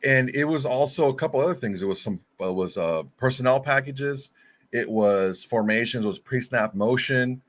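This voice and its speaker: A man's voice: mid-range voice, moderate pace, a bit bright. A man co-hosting a casual fan sports podcast over a video call, rambling with restarts and fillers. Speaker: podcast co-host.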